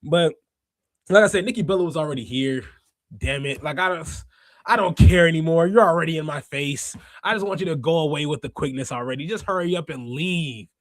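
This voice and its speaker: A young man hosts a wrestling podcast live, and his voice sits a bit high for a man. He rants in an animated, heated way and breaks into frequent laughs. The sound is close and dry, with no room echo. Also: brisk. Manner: animated, ranting, laughs often. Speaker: podcast host. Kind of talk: casual livestream commentary.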